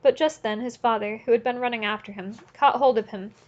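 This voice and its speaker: A woman narrating an audiobook in a steady, earnest reading voice, now and then correcting a slip. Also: on the high side, fairly quick, muffled recording. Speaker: audiobook reader.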